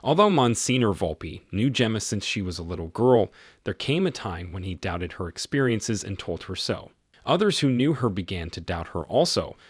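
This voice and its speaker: A man narrating a religious story in a solemn, measured scripted reading. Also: on the low side, husky, no room sound, clean studio sound.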